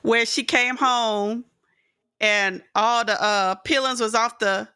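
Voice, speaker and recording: Casting: woman, bright, slightly high voice, soft casual guest, dry close sound. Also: fairly even intonation, slow, smooth, no echo. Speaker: guest parent. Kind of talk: casual chat.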